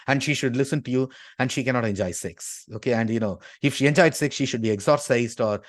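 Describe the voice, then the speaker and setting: A man's voice: mid-range voice, quick pace, no echo, clean studio sound. A man from Tamil Nadu, giving an argumentative lecture and dropping "okay" between his points. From Tamil Nadu, India. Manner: emphatic, constantly inserts "okay". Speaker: speaker at a talk.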